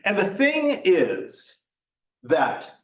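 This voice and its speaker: A man giving a workshop talk in an informal lecture style, halting often with fillers and restarts. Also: sits high, huge pitch swings. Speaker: workshop presenter. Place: church meeting room. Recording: echoey room, mic at a distance.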